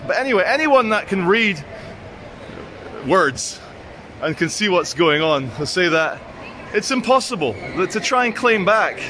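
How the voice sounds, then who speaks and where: A man with a bright, forceful voice gives sardonic, ranting commentary as he walks through a shopping centre. He swears freely, pitching between dry asides and crude jokes. The sound comes from a handheld camera, with a faint hiss in the background. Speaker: vlogger. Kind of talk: walking vlog with sardonic commentary.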